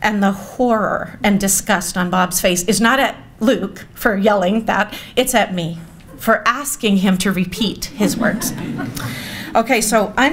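A woman in her forties tells a family story at a gala, full of audience asides and self-mocking humor. Her voice sits at a medium pitch, and her delivery is lively and conversational. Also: a little slow, slight background noise. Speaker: speaker at a gala. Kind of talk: storytelling speech. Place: event hall.

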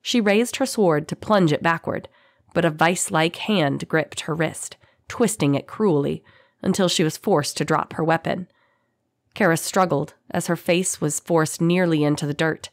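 A woman narrating a fantasy audiobook in a dramatic, expressive reading. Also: low voice, moderate pace, dry recording.

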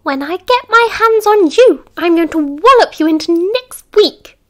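A woman's voice: very high-pitched, animated, measured pace, voice pushed up. A woman voicing a cruel orphanage matron with a nasal, screeching voice. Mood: menacing.

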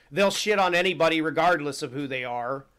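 A man with a high-pitched voice fires off a foul-mouthed rant during a live stream. He swings between sarcastic asides and shouted outrage, and keeps the swearing constant throughout. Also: moderate pace. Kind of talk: angry live-stream commentary.

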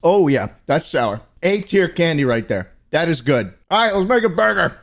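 A young man streaming a motion-control cooking game, giving sarcastic comedic commentary and breaking into shouts and laughter. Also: sits high, very animated, moderate pace, soft background music. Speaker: gaming streamer.

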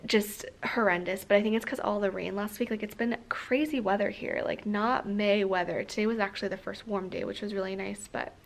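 A woman's voice: mid-range voice, steady tone, fairly quick, hardly any pauses. A young woman in her twenties, a teacher vlogging in a casual, chatty way with lots of fillers, her nose stuffed up from allergies. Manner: chatty, upbeat, many fillers. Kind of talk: casual vlog chat. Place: school classroom.

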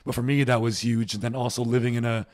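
A man from Rhode Island, a guest in a casual chat who talks quickly and agreeably, with lots of fillers. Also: medium pitch, little pitch movement. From Rhode Island, United States. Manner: quick, agreeable, uses fillers like um and you know. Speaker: podcast guest.

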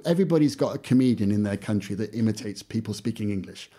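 Low, husky-voiced male English teacher. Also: fast talker. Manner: animated storytelling, acting out classroom exchanges, many "you know" fillers. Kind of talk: casual interview conversation.

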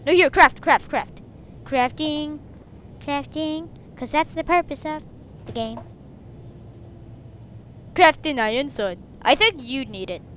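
High-voiced girl gamer yelling and chattering through a match, faint hiss. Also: unhurried, long pauses. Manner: excitable, shrieking outbursts, chatty. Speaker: gaming video host. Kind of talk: casual gameplay commentary.

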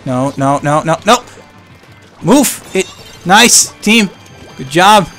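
A young man giving live gameplay commentary, excitable and swinging between hype and frustrated ranting. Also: high-pitched, slow, soft background music. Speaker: gaming channel host.

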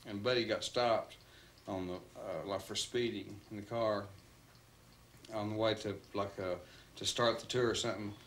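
A man's voice: on the low side, steady tone, normal speed, a little hiss or hum. A man in his fifties telling a story in an interview, rambling with many fillers and acting out quotes. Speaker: interviewee recalling an old friend. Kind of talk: anecdotal interview.

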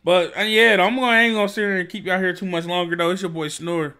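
A young man hosting a music reaction, talking in a loose, slangy, rambling way and bursting into excited shouts. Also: high voice, quick pace, clean tone. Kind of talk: casual reaction commentary.

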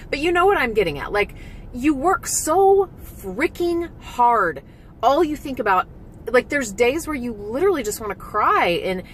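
A woman's voice: medium pitch, slight background noise, rough recording. A woman vlogging candidly about competing, emotional and frank, swearing now and then and leaning on lots of "like" fillers. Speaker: vlogger and former physique competitor. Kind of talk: candid personal vlog.

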